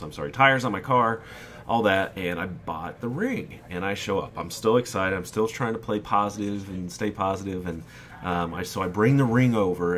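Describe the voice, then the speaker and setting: A man in his twenties casually telling a personal story over gameplay, candid and animated, often quoting what people said. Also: sits low, slight background noise. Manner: candid, animated retelling with quoted dialogue. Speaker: gaming YouTuber.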